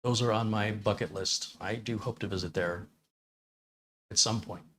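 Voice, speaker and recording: A man's voice: on the low side, steady tone, normal speed, a bit bright, slight background noise. A man hosting a casual tech livestream, chatting with viewers and reading out their comments in a rambling, think-aloud way.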